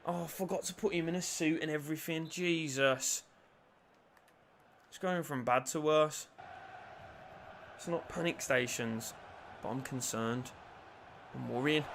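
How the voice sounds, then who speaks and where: A young man commentating his own football video game, swinging from low mutters to loud shouts and cheeky jokes. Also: unhurried, vocal fry, pauses often, a little hiss or hum. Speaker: gaming YouTuber.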